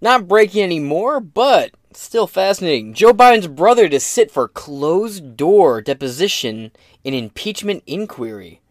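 Podcast guy cussing and joking around, kinda high voice, dry sound. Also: animated, measured pace, no room sound. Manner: profane, joking and rambling. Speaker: podcast host. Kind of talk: casual political commentary.

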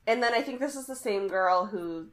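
A woman's voice: medium pitch, normal speed, fairly bright tone. A young woman co-hosting a podcast, chatting casually with dry, judgy asides while recapping a reality show. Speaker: podcast co-host. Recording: connection cuts out at times.

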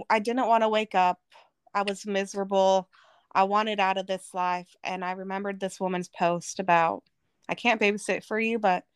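A woman's voice: medium pitch, clear, resonant tone, no room sound. Earnest woman from Arizona telling her story. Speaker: podcast guest. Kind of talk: personal testimony in conversation.

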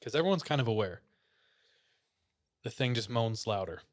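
A man's voice: mid-range voice, normal speed, a little hiss or hum. A man casually retelling a creepy story, full of fillers. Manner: relaxed storyteller, many "like" fillers.

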